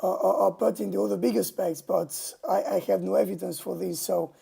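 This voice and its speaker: A man streaming a casual monologue, talking in a halting, indignant way from a home mic setup. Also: sits high, steady tone, creaky, warm tone, husky. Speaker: livestreamer.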